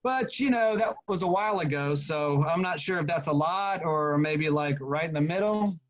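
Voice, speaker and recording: A man's voice: fairly high pitch, normal speed, highs cut off, a crowd in the background, lightly acted. A man reading aloud as a sheepish young woman at confession, offhand and hesitant.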